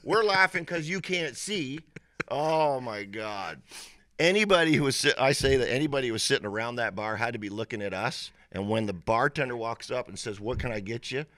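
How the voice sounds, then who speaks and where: Animated, bright-voiced middle-aged man. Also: medium pitch, moderate pace, no room sound, clean studio sound. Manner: animated, laughs often, acts out quoted voices. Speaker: interview guest, musician. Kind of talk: casual storytelling.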